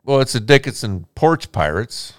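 A man's voice: mid-range voice, very animated, normal speed, dry recording, clean studio sound. A man with an Upper Midwest accent co-hosting a podcast, telling laid-back, swearing stories and laughing along. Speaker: podcast co-host. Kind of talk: casual crude podcast banter.

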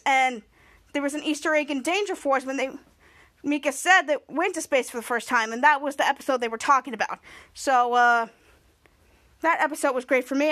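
A woman hosting a podcast, recapping a TV episode in a gushing, excitable way. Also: sits high. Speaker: podcast host.

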